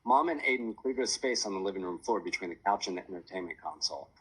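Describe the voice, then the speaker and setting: Brief: male storybook reader, animated delivery, slightly husky tone. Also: sits low, fast talker, low-quality recording. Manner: lively storytelling. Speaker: narrator. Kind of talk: audiobook narration.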